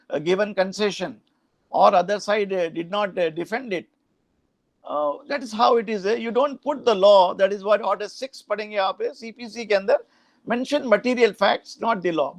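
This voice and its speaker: Indian male law professor, middle-aged, high and dry-toned, lecturing students with frequent "huh?" checks. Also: no room sound. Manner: explanatory, frequent "huh?" and "uh" asides, mixes in Hindi phrases.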